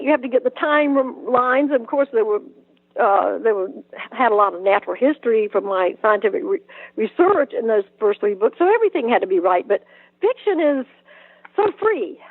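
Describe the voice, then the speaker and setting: An older woman from South Georgia with a Southern accent, telling stories as an interview guest, lively and full of restarts. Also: sits high, slightly rough, no echo. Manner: animated storytelling, frequent restarts and laughs. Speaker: author guest. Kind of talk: conversational interview. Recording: tinny phone-like line, dry.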